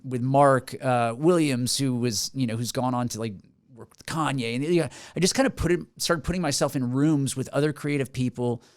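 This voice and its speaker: A man's voice: mid-range voice, no room sound, studio quality. A man in his forties, a musician guest on a podcast, telling stories in an earnest, rambling way with many restarts. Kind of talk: casual podcast interview. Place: podcast studio.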